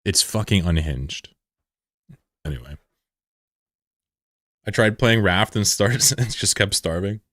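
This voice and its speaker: Young male streamer, deep and dry, loose, profane banter. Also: lively intonation, takes it slowly, long pauses, a bit bright, dry recording. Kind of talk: casual live-stream chat.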